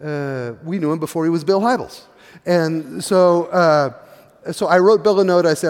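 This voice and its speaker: A middle-aged male pastor preaching in a big church, his fairly high voice ringing out with a long reverb tail. He tells his story in a loose, conversational way, full of "uh"s and false starts. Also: normal speed. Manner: storytelling with many fillers and restarts. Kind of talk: sermon.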